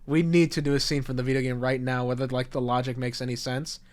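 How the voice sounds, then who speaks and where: A man's voice: mid-range voice, fast. A young man co-hosting a podcast, telling stories animatedly, swearing and acting out what people said. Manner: animated storyteller, swears, acts out quotes. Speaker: podcast co-host. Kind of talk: casual podcast chat.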